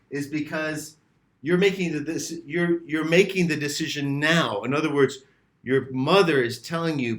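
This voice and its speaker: A man's voice: on the high side, normal speed, a bit bright. A man teaching an English grammar lesson, rephrasing his points and acting out his students' questions. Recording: echoey room.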